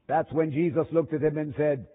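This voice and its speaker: Male preacher, husky voice, emphatic delivery, dramatic pauses, chapel sermon, thin tinny recording. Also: fairly high pitch, fairly even intonation. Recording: thin phone-like sound with long hall reverb.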